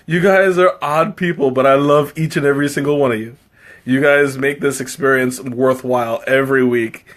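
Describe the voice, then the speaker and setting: A man's voice: medium pitch, fairly even intonation, moderate pace, a bit bright. A man hosting a casual live tea-tasting stream, chatting to his viewers in a rambling, self-interrupting way, laughing often and teasing himself. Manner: playful, self-mocking.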